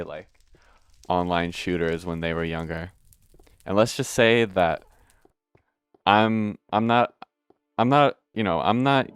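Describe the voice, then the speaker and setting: A young man with a deep voice hosts a let's play, and the recording is clean and dry. He rambles through casual gameplay commentary, restarting sentences, swearing offhandedly and interrupting himself as he meanders along. He's hiccuping throughout.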